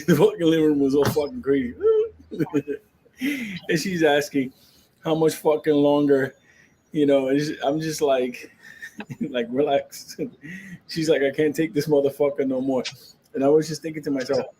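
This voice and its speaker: A man's voice: medium pitch, warm tone, slight background noise, rough recording. A man, ranting about the stock market to his viewers in a brash, profane, joking way, laughing often.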